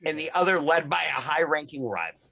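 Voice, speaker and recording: A man's voice: a little high, animated, a little fast, gravelly, crowd noise. A young man hosting a casual podcast, recapping a comic book issue in a rambling, profane, joking way. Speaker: podcast host.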